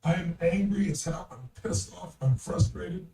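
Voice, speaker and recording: Older male storyteller, high but mellow, blunt and emphatic, roomy and distant pickup. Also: unhurried, gravelly. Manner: emphatic, blunt, swears freely. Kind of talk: anecdotal storytelling.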